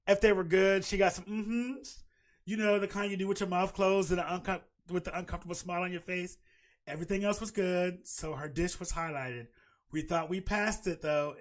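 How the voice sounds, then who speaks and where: Host, man, African American English, higher voice, animated and swearing, reads posts aloud. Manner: animated, exclaiming, swearing, cackling laughs. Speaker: podcast host. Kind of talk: casual chat, reading a forum post aloud.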